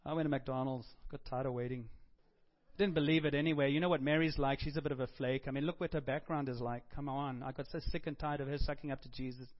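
Conversational preacher man, slightly high voice. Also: fairly even intonation, fast talker, hardly any pauses, lo-fi sound. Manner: conversational preaching with emphatic rises. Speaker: pastor. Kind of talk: sermon.

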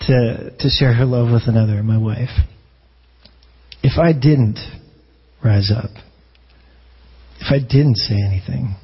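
A man's voice: mid-range voice, slow pace, long pauses, husky, highs cut off. A man preaching a sermon as a pastor in a conversational way, often restarting phrases and asking rhetorical questions.

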